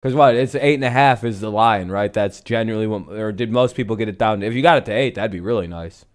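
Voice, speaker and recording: Male streamer host, smooth clear voice, loose chatty banter with viewers. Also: fairly low pitch, fast talker. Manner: chatty, reads viewer names, swears freely. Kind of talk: casual live-stream chat over a game.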